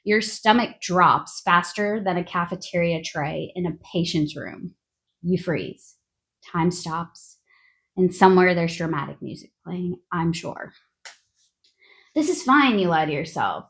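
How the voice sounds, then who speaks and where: A woman's voice: fairly low pitch, a little slow. A woman hosting a nurses' podcast, giving a sarcastic, exasperated comedic monologue.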